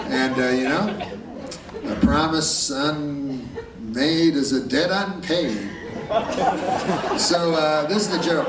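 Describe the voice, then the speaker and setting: A male stand-up comedian telling a long joke in a deadpan, halting way, with drawn-out pauses. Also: on the high side, background noise. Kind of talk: stand-up set. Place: large live venue. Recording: echoey live hall, far mic, loud crowd.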